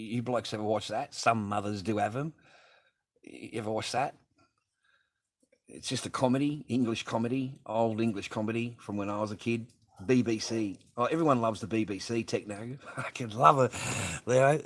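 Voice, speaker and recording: Middle-aged man ranting on a livestream. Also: mid-range voice. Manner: profane ranting with laughs. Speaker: livestreaming mask artist. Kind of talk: casual livestream chat.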